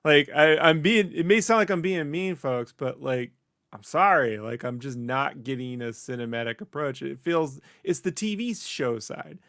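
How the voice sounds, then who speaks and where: Rambling co-host: a man with a gravelly, fry-heavy voice, dry close mic. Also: fairly high pitch, normal speed, a bit bright, no room sound. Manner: rambling, lots of "like" and "you know". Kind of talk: casual chat.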